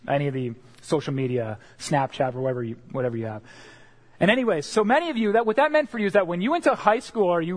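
A man preaching a sermon, earnest and direct, often checking in with the congregation with a quick "right?". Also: sits high. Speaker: pastor.

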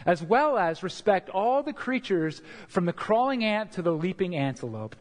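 A man's voice: sits high, big pitch swings, normal speed. A man voicing a wise, fatherly lion king patiently teaching his cub. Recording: long hall reverb.

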